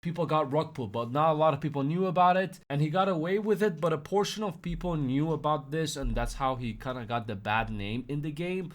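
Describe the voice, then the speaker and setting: A man's voice: on the high side, a little fast, hardly any pauses. A man hosting a reaction commentary and talking sarcastically and mockingly about the clips he plays. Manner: sarcastic, mocking, breaks into loud put-on quotes. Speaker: commentary host.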